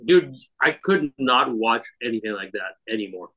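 Bright-voiced man, sarcastic and swearing. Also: medium pitch, expressive, moderate pace, rough recording. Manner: sarcastic, profane, exclamatory. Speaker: podcast co-host. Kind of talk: casual podcast chat.

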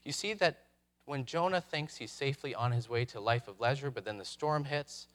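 A man preaching a sermon, reflective, posing rhetorical questions with dramatic pauses. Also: mid-range voice, a bit bright. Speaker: pastor.

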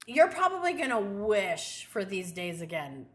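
A woman co-hosting a podcast, talking bluntly with frequent swearing and animated quoted lines. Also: mid-range voice, unhurried. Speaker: podcast co-host. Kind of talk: casual chat.

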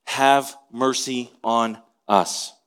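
A man voicing a desperate blind male beggar, speaking in a pleading, quiet way. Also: medium pitch, steady tone, extremely slow, smooth.

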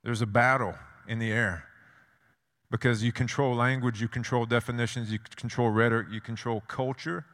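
Preaching in a church sanctuary, the man's mid-pitched, fairly bright voice trails into long reverb. His intonation is fairly even and his speed normal as he tells stories, asks rhetorical questions, and repeats his points to hammer them in.

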